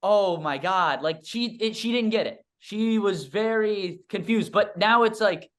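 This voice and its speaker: A young stand-up comedian, appearing as a podcast guest, speaks in a high voice at a measured pace. He tells a story in a casual, rambling, self-deprecating way, full of filler words.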